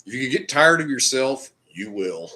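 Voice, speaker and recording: A man's voice: medium pitch, big pitch swings, moderate pace, bright, forceful tone. A man hosting a casual live stream, chatting loosely with viewers and swearing now and then. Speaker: livestream host. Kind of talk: casual live chat reading comments.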